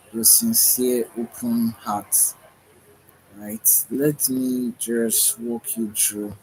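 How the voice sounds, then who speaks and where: The voice is a man's, medium in pitch and a little mellow, captured on a rough recording with slight background noise. Yawning and tired, this livestream host rambles through spiritual musings, frequently stuck for words and repeatedly adding "right?"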